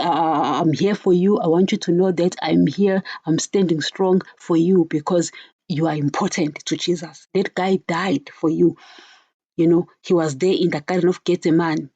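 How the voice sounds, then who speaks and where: A woman's voice: lowish voice, mellow, slightly rough, no echo, highs cut off. A woman preaching informally on a podcast, earnest and direct, often turning to her listeners with "guys" and "you know".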